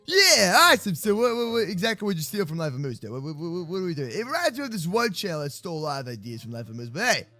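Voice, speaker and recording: A young man goofing around in a Minecraft role-play from his bedroom, joking and yelling as he plays. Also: a little high, sing-song, very fast, hardly any pauses, dry recording, soft background music. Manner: hyper, jokey, often yelling. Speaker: gaming YouTuber. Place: home bedroom.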